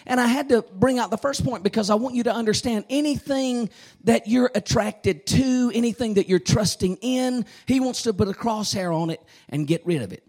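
A man preaching a fervent sermon, repeating phrases and breaking into shouts. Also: very high voice, moderate pace.

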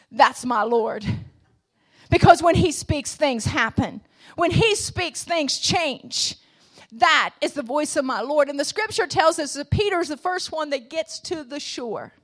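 A woman preaching a sermon to a church congregation, asking the room questions and swinging from quiet, low passages to shouted high points. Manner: call-and-response preaching, swinging between soft low passages and shouted peaks.

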